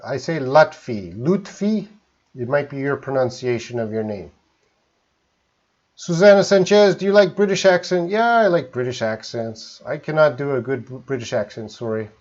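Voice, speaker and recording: A Canadian man teaching English in a live stream, relaxed, explaining slowly with simple examples. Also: medium pitch, highs cut off.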